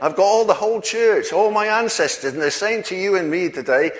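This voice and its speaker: A man's voice: sits high, brisk. A man preaching a sermon in a folksy way, chuckling often and asking the congregation questions. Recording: long hall reverb.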